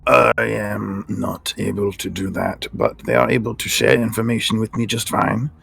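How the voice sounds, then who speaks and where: A man's voice: on the low side, fairly even intonation, moderate pace, vocal fry, fairly bright tone, slight background noise. A man player who speaks hesitantly with many fillers. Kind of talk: casual play at a tabletop game.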